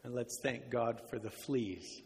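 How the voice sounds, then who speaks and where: A man voicing a gentle, hopeful older sister who coaxes her sibling, speaking softly. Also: medium pitch, unhurried, in a large hall, pitched below the performer's own voice, lightly acted.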